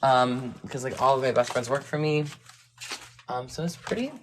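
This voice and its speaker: A woman's voice: a bass voice, moderate pace. A chatty, giggly woman in her twenties from Florida with a general American accent, livestreaming casually to viewers from home with playful swearing. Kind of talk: casual chat with live viewers. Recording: echoey room with loud noise.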